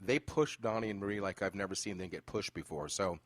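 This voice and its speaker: Low-voiced guy hosting a podcast, chatty storyteller, lots of uh and um, dry close sound. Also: fairly quick, no room sound. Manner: animated storyteller, many fillers. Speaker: podcast host. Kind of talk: casual interview chat.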